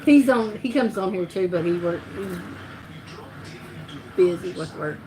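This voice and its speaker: A woman's voice: fairly low pitch, animated, a little slow, background noise. Southern-voiced woman from hosting her live chat; loose, giggly, talks her way through her own mix-ups. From North Carolina. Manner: rambling, laughs often, self-correcting. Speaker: livestream host. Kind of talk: casual live-stream chat.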